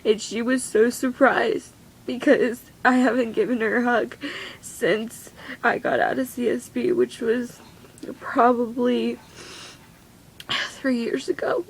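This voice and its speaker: A teenage girl crying as she talks in a confessional vlog, her voice breaking and halting. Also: a little high, little pitch movement, slight background noise, low-quality recording. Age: teens. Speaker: vlogger.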